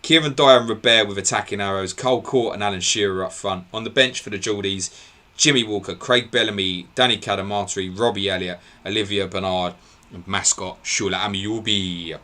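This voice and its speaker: A man hosting a live football podcast, briskly reeling off team line-ups and laughing at his own slips. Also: fairly low pitch, fairly even intonation, bright, forceful tone. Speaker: podcast host.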